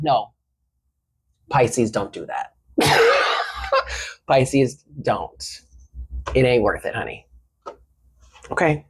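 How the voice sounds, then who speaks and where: Husky, chatty tarot reader. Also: medium pitch, sing-song, measured pace, pauses often. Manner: affectionate, slangy, reassuring, calls listener honey and baby; chatty with frequent laughs. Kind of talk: casual tarot reading.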